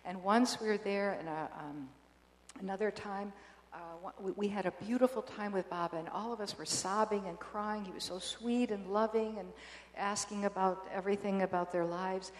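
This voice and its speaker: A woman recounting family memories with earnest devotion, often stopping and restarting her sentences. Her voice sits at a middle pitch and rings out into a roomy hall with a long, lingering reverb. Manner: halting, many restarts, devout and earnest. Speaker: guest sharing family memories. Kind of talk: casual storytelling.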